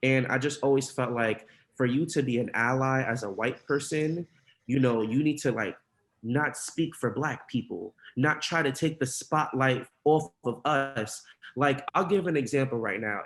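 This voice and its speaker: A man's voice: mid-range voice, a bit bright. A young man, a campaign organizer, giving an impassioned and earnest personal account on a podcast. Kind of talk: emotional podcast testimony.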